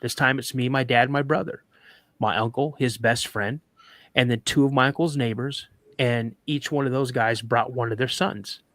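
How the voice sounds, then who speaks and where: A man's voice: mid-range voice, fairly even intonation, normal speed, fairly bright tone, no room sound. A man who is a guest on a talk show, telling a story vividly and dramatically, with stammered restarts.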